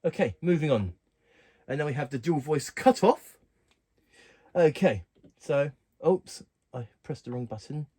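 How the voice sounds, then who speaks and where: A man casually walking through keyboard functions in a relaxed, plain way, talking while he presses buttons. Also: a little high, measured pace, long pauses. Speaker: keyboard tutorial host. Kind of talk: casual instructional walkthrough.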